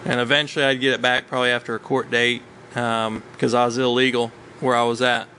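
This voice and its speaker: A man's voice: medium pitch, level tone, a little fast, bright, forceful tone, slight background noise, rough recording. A man casually recounting a hunting trip, rambling along with many ums and uhs. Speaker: hunter telling a story. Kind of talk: casual storytelling chat.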